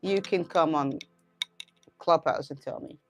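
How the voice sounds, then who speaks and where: A woman's voice: sits low, lo-fi sound, slight background noise. A woman hosting a sound-healing live stream, chatting casually with listeners, laughing often and checking in with "all right?". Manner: slow, dreamy voice when describing visions. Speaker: host and sound healer.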